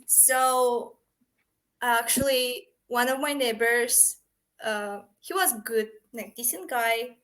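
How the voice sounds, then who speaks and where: Young woman from Kazakhstan, twenties, slightly high voice, animated storyteller, English. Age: 20s. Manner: animated, laughing, acts out quoted exchanges; non-native English, frequent "like" fillers. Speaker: guest. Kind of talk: casual interview storytelling.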